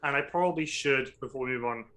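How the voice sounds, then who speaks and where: A man narrating a tabletop game as game master, describing scenes in a relaxed way with many ums. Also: medium pitch, fast talker.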